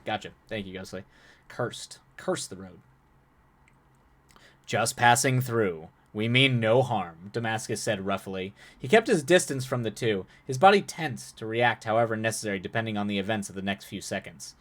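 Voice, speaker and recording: A man's voice: fairly low pitch, animated, fairly quick, a bit bright. A young man reading a viewer's story aloud on a live stream, breaking off to chat about the writing in a loose, rambling way. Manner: chatty, frequent restarts and laughs between passages.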